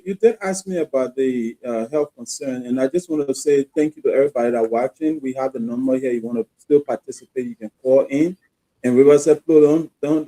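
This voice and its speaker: Co-host man, deep mellow tone, talks straight to viewers. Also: low-quality recording. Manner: addresses viewers and callers directly. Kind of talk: casual discussion.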